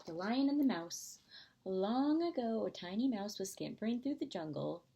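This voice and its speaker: Gentle woman reading a picture book. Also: medium pitch, lively intonation, moderate pace, vocal fry, noisy background. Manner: gentle storytime voice. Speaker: preschool teacher. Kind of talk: picture-book read-aloud.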